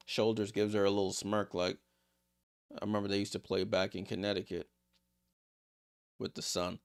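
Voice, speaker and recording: At a moderate pace with long pauses and a clear, resonant tone, a man gives casual live play-by-play during a watchalong stream. He gets excited, voice rising on big plays and falling low and quiet for asides, while laughing and chatting with viewers.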